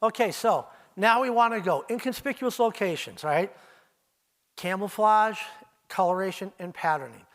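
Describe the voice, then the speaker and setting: A man's voice: high-pitched, normal speed, fairly bright tone. An older man giving a live talk to an audience in an auditorium, telling stories as he speaks straight to his listeners and imitating owl calls. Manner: storytelling, addresses listeners as you, mimics owl calls. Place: arts center auditorium.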